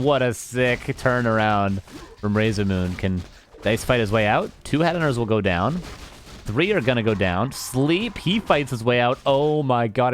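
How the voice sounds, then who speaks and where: A man's voice: fairly low pitch, a little hiss or hum. A Canadian man casting a live strategy game match, chatty and self-mocking, thanking viewers by name between plays. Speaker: esports caster.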